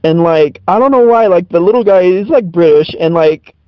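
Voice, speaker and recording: A man's voice: sits high, animated, moderate pace, clear, resonant tone, no room sound, dull audio. Giggly man, rambling podcast chat. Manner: giggly, rambling, frequent laughs. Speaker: podcast host. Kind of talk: casual chat.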